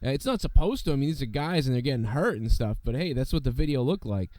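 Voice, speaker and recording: A hoarse, sick man hosting a podcast in casual, rambling, profane chat full of fillers. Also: mid-range voice, sing-song, quick pace, darkish tone. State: hoarse from illness. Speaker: podcast host.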